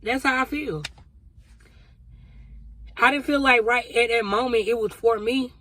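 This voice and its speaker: A woman's voice: a little high, a little slow, a bit bright. A woman vlogger sharing a spiritual testimony in a casual, emotional, conversational way, talking straight to her viewers. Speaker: vlogger sharing a prophetic word.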